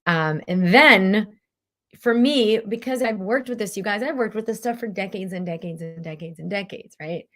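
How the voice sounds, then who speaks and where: A middle-aged woman hosting a casual motivational talk as a mind-body coach, lively and acting out inner voices. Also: normal speed. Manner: animated, acts out inner voices in a high pitch.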